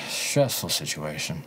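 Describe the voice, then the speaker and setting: A young man telling a rambling, profane story, swinging between loud asides and low muttering. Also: a little hiss or hum. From Southern California. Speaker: interview guest.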